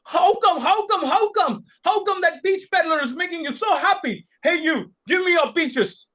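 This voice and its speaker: A man from India voicing a vain, demanding male castle lord in a shrill, loud, whining voice. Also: expressive, moderate pace, full character voice. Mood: bewildered.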